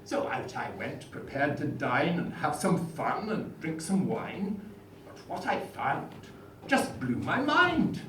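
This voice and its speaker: A man's voice: on the high side, big pitch swings, slow, a bit bright, full character voice. A man performing a pompous upper-class politician in an Etonian accent, reciting boastful rhyming verse. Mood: gleeful. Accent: upper-class English (Etonian). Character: pompous posh male prime minister, boastful rake. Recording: roomy hall, far mic, noisy.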